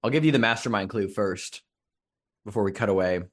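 A man serving as game master, narrating a tabletop role-playing game in a slow, deliberate storytelling manner with dramatic pauses. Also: on the low side.

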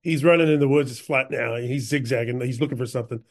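Halting man narrating his game character. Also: medium pitch. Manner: halting, filler-heavy storytelling. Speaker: player.

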